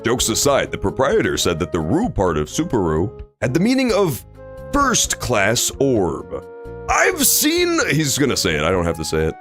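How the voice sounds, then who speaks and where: A man's voice: mid-range voice, huge pitch swings, a little fast, hardly any pauses, soft background music. A man streaming a video game, joking and swearing while reading the story aloud. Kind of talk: casual game commentary.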